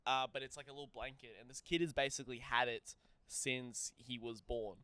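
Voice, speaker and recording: Bright, clear young man. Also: medium pitch, fairly even intonation, no room sound. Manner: laughs often, quick reactions, swearing. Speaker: podcast co-host. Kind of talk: casual chat.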